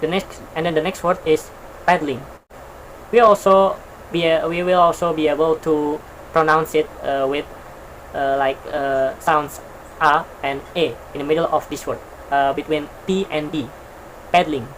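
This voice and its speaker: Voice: medium pitch, fairly even intonation, normal speed, a little hiss or hum, poor audio. A teacher giving a recorded English pronunciation lesson, repeating each word and explaining it with simple example sentences.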